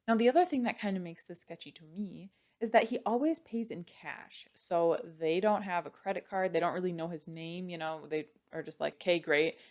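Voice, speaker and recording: A woman's voice: on the low side, moderate pace, few pauses, darkish tone. A young woman casually retelling a true crime story, chatty and full of "like" and "you know".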